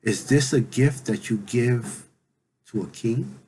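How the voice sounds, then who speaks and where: A man voicing a stern, all-knowing male god-king who speaks in a measured way, at his own natural pitch. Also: slight background noise, natural voice, poor audio. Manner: stern, measured, then gentle.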